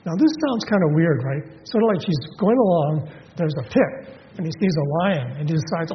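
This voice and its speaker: A man's voice: fairly high pitch, lively intonation, moderate pace, slight background noise. A man preaching a sermon in a conversational way, asking his listeners questions and often restarting with fillers. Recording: dull audio in a reverberant hall.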